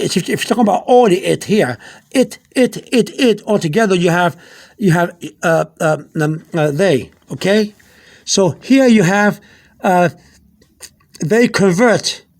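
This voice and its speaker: Halting high-voiced man teaching language. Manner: halting, repeats words, many fillers. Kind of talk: casual explanatory lesson.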